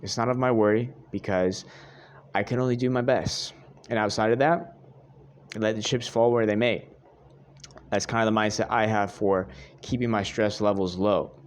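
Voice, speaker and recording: A young male dating coach speaks directly to camera in an advice monologue, earnestly repeating his points and addressing viewers as "guys." His voice is fairly low and steady, with a moderate pace and long pauses.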